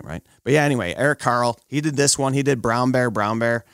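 A man in his thirties chatting on a podcast, telling jokey stories about his kids with lively put-on quotes. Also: medium pitch, brisk, no room sound, studio quality. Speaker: podcast co-host. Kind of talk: casual chat.

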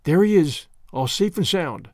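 A man doing a hushed, dutiful railway guard. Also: a little high, lively intonation, a little slow, no room sound, studio quality. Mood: confiding. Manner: confiding, hushed.

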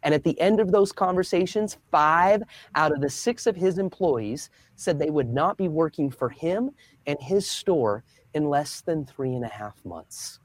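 Animated man telling a story as a guest. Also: fairly high pitch, a little slow, dry recording. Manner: animated storyteller, acts out quoted voices. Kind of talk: storytelling interview answer.

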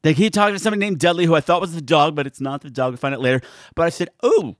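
A man's voice: a little high, steady tone, racing, no room sound, clean studio sound. A man hosting a comedic movie recap, campy and playful, full of innuendo and asides. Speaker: podcast host.

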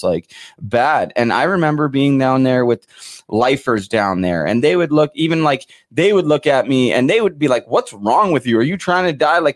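A man as an interview guest, speaking candidly in a halting, reflective way with frequent restarts. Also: mid-range voice, no room sound, studio quality.

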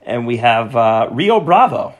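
A man's voice: medium pitch, big pitch swings, measured pace, highs cut off. Rambling male podcast host. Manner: rambling, repeats words, stumbles on foreign names. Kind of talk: casual film chat.

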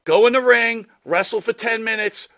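A man's voice: very high-pitched, moderate pace, sharp tone. A man hosting a wrestling talk show, telling the story emphatically and swearing casually. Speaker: podcast host.

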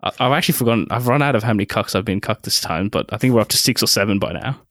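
A young Australian man telling a rambling story on a podcast, animated and laughing, with crude jokes. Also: fairly low pitch, very fast, no echo, studio quality. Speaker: podcast co-host. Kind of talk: casual banter storytelling.

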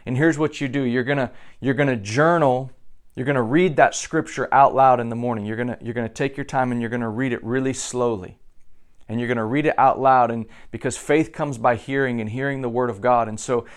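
A middle-aged man, a pastor, giving an earnest devotional teaching, often repeating words as he builds a point. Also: mid-range voice.

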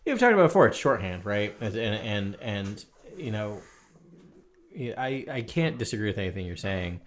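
A man with a fairly low voice chats about a film on a podcast. He is reflective and easygoing, thinking aloud and tagging his points with a questioning "right?". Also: big pitch swings, brisk. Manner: reflective, conversational, tags lines with "right?". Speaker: podcast co-host. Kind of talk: casual film discussion.

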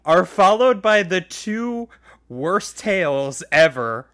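A man's voice: high voice, very animated, slow pace, bright, forceful tone. Dry-storytelling male podcast co-host. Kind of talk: casual comedic chat.

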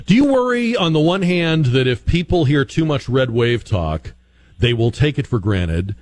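A male radio talk show host speaks from the studio at an everyday middle pitch. He frames his questions at length and keeps a measured, conversational pace. He often sets up the background before he gets to the point. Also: a little mellow, no echo.

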